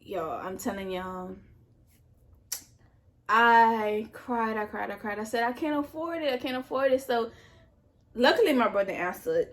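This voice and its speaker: A young adult woman vlogger telling a story in casual chat, animated, repeating herself and swearing as she goes. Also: mid-range voice. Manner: animated, repetitive retelling with swearing. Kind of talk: casual storytime while eating.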